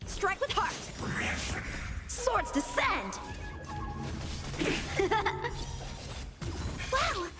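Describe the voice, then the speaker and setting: A woman's voice: very high-pitched, sing-song, drawn-out words, long pauses, exaggerated voice. A woman voicing a cheerful, cocky young female fighter in a video game, calling out battle lines. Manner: bright battle barks. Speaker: playable game character. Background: loud game music.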